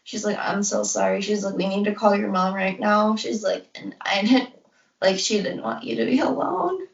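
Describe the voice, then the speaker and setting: A woman's voice: medium pitch, normal speed, gravelly. A young woman co-hosting a podcast, rambling through a personal story in casual chat, saying "like" constantly and acting out what others said. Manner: rambling, heavy use of "like", acts out quotes. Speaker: podcast co-host. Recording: roomy, distant, dull lo-fi sound.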